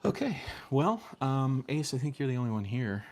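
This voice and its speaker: A man's voice: mid-range voice, sing-song, normal speed, darkish tone. A man streaming from home, chatting casually in a rambling, hesitant way with lots of ums and restarts. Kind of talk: casual chat. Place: home room with fan and lights.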